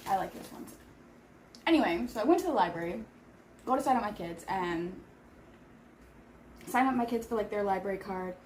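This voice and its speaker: A woman's voice: mid-range voice, animated, normal speed, long pauses, slight background noise. A woman in her thirties chatting casually on a vlog while eating, rambling with lots of filler words. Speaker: vlogger. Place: home in Seoul.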